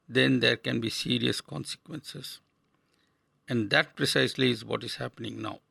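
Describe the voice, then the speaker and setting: An older man from India giving a scripted spiritual radio talk in a measured, earnest way, asking rhetorical questions. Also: medium pitch, vocal fry, fairly bright tone, no room sound. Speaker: radio speaker.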